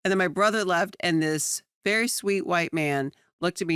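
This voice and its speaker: A woman co-hosting a podcast in casual chat, animated, laughing often and acting out her stories. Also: lowish voice, normal speed, smooth, no room sound, clean studio sound. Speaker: podcast co-host. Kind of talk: casual chat recapping a sitcom episode.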